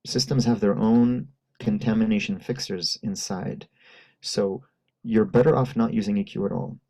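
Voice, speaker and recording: A man with a lowish, mellow voice teaches a hands-on workshop. He explains patiently and demonstrates sounds aloud, all heard through a microphone and PA speakers. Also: steady tone, normal speed, vocal fry, low-quality recording. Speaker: workshop instructor. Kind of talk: live demonstration lesson. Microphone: handheld mic through a PA system.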